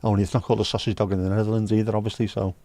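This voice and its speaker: A man's voice: lowish voice, little pitch movement, racing, warm tone, dry recording. A man hosting a live stream, chatting casually and joking with viewers as he reads their messages. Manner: chatty, joking, banters with chat and sings snatches. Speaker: livestream host reading chat. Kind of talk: casual chat.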